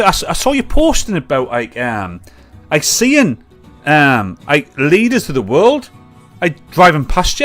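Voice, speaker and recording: Mackem guy rambling on his live stream, lively up and down voice, swears a lot, bit of music behind. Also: fairly high pitch, unhurried. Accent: Mackem (Sunderland). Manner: rambling, chatty, swears freely. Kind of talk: casual live-stream chat.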